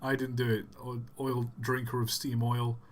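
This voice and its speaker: A man's voice: mid-range voice, monotone, moderate pace, a little hiss or hum. A man hosting a live stream, tired and yawning, giving dry, sarcastic running commentary on pictures with groans of disbelief. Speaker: livestream host.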